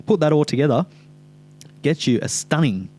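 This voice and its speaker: A man's voice: fairly high pitch, expressive, normal speed, darkish tone. A young Australian man co-hosting a podcast in casual chat, laconic, with dry humor and many mumbled agreements. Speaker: podcast co-host.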